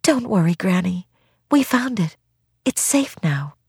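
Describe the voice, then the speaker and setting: A woman voices an anxious, earnest young girl, pitching an exaggerated voice above her own natural one, with a soothing mood. Her voice is mid-range, very animated, a little slow, darkish and slightly rough. The recording is dry, with clean studio sound.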